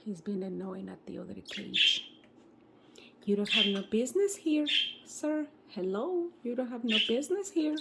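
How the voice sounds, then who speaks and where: A woman at home filming her pet birds, coaxing them in high sing-song baby talk. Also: gravelly, heavy background noise. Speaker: pet bird owner filming her budgies. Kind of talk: casual vlog talking to pet birds. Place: home, indoors by bird cages. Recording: loud bird chirping behind.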